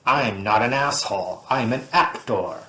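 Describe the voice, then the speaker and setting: A man's voice: medium pitch, unhurried, bright, forceful tone, poor audio. An arch, stagey young prankster, played by a man, speaking like a second-rate ham actor. His voice sits mid-range and lands every word with exaggerated dignity in this audiobook scene.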